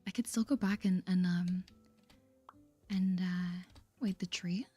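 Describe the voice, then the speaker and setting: A woman host giving soft, chatty ASMR game commentary, mostly whispered and easily amazed. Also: lowish voice, steady tone, slow pace, husky, soft background music. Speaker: gaming channel host.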